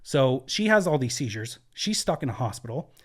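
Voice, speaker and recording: A man's voice: medium pitch, very animated, moderate pace, breathy edge. A man as a podcast guest in a studio, telling a personal story earnestly, with many fillers and restarts. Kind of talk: candid conversational storytelling.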